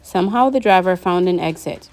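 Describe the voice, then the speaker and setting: A woman narrating a novel aloud in a lively audiobook reading, voicing the characters. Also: fairly low pitch, brisk.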